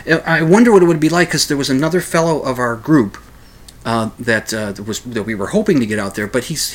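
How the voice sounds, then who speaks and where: A man's voice: mid-range voice, fairly bright tone. A man from Minnesota telling a long casual story, rambling with many restarts and fillers and a wry, self-deprecating humor.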